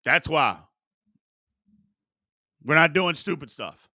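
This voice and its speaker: Animated, bright-voiced man in his forties. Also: fairly high pitch, slow pace, gravelly, no room sound, studio quality. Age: 40s. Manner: animated, chatty, reads viewer questions aloud. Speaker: sports talk show host. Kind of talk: live-streamed sports talk.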